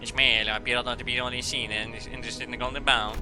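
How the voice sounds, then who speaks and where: A man's voice: mid-range voice, little pitch movement, fast, over music. A man streaming a game, reading its dialogue aloud and joking crudely, rambling with lots of fillers.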